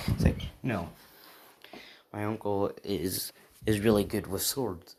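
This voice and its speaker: A man's voice: on the low side, measured pace, echoey room. A young man casually making up and retelling a fan story, rambling with many restarts and asides. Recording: faint background noise.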